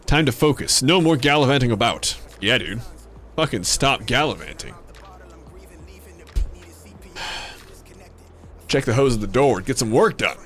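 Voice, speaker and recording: A man's voice: mid-range voice, lively intonation, measured pace, long pauses, a bit bright, soft background music. A young man streaming a game, chatting casually with joking, rambling asides and some swearing. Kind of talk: casual gameplay commentary.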